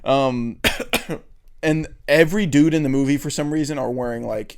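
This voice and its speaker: A man's voice: medium pitch, normal speed, creaky, darkish tone, clear, resonant tone. Loose, profane young guy on a podcast. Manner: loose and profane, laughs often at his own retellings. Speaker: podcast co-host. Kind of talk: casual chat.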